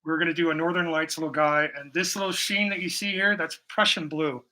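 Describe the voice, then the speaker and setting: This man talks briskly with a bright, forceful, slightly high voice and fairly even intonation. He's a painting livestream host at home in his bedroom, chatting profanely and jokily with viewers as he rambles on.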